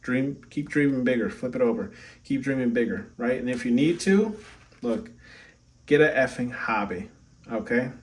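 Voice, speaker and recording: A man's voice: medium pitch, animated, normal speed, distant mic. A man giving a casual oracle card reading, chatty, peppering his talk with "right?" and "okay?". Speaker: tarot reader.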